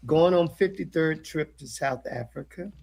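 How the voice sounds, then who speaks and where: A man, a missionary guest, talking fervently with preacher-like exclamations and a gravelly voice. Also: on the high side, moderate pace, darkish tone. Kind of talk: phone-in reunion chat.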